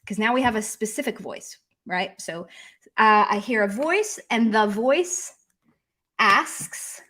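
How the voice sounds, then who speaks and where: An American woman who speaks English natively, teaching a live-streamed language lesson. Her voice sits a little high, and her delivery is loose and chatty, full of ums and likes as she thinks aloud. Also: lively intonation, unhurried, pushed and bright. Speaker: Russian teacher.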